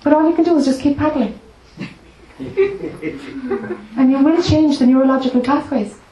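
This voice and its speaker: A woman spiritual teacher speaking to a group in a lively, chatty storytelling way, often breaking into laughter. Her voice sits a bit high. The recording is echoey with a faint background hiss. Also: a little slow, highs cut off. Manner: animated, laughs often, conversational. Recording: echoey room, faint noise.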